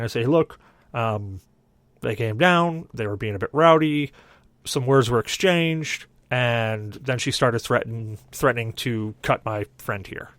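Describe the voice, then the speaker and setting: A man co-hosting a podcast, telling a long story in a casual, animated way and acting out what everyone said. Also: medium pitch, dry recording. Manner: animated, acts out the lines of the people in his story. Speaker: podcast co-host.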